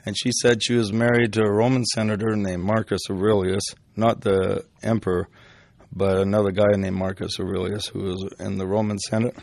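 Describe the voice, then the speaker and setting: Gravelly older man telling rambling stories. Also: lowish voice, little pitch movement, moderate pace, a little mellow, dry recording. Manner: rambling, with restarts and fillers. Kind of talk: casual storytelling.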